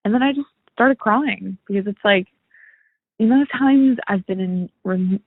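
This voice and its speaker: A woman in her twenties leaving a rambling, halting voicemail question for an advice show. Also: medium pitch, no room sound. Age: 20s. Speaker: caller. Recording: tinny phone line.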